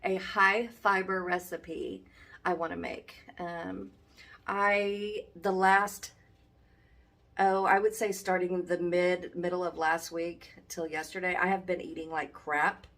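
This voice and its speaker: A woman vlogs into her phone in an easygoing, rambling way. She fills her talk with ums and speaks in a relaxed, everyday tone. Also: fairly low pitch, slow. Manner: chatty, rambling, many ums. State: a little out of breath. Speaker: vlogger. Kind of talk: casual vlog chat. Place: home indoors, then outdoors on a run. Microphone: handheld phone.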